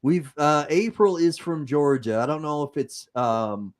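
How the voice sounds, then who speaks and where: A man's voice: on the high side, animated, unhurried. A man with a Utah accent hosting a livestream, chatting casually and improvising as he reads comments. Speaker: host.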